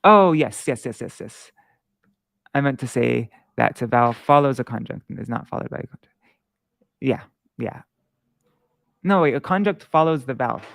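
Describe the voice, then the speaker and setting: Man, gravelly yet smooth voice, dry close sound; casual patient teacher who restarts often and chants rhythms slowly. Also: mid-range voice, animated, fairly bright tone, no echo. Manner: patient, halting, thinks aloud with many restarts; chants syllable patterns slowly to demonstrate. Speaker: Sanskrit meter teacher. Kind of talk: live-streamed casual lesson.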